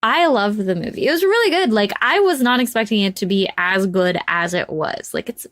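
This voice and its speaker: A woman giving a casual spoken movie review, rambling and chatty with many fillers, animated as she retells scenes. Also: medium pitch, fairly quick, no echo, clean studio sound.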